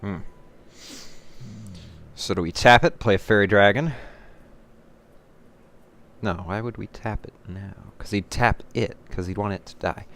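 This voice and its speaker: A man giving live commentary on his own card game, thinking his moves through aloud and getting excited or laughing at his own mistakes at his home computer. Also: fairly low pitch, measured pace, long pauses. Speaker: gameplay commentator.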